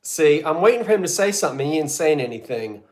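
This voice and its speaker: A man's voice: on the high side, expressive, fast talker. A man hosting a live online sale, counting down bids and teasing regular buyers in casual chat. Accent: American. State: coughing fits. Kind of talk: live auction selling chat.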